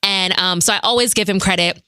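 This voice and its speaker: A woman radio broadcaster chatting as a podcast guest, expressive and dramatic, laughing easily. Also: mid-range voice, a little fast, clear, resonant tone, no echo, clean studio sound. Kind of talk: casual interview chat.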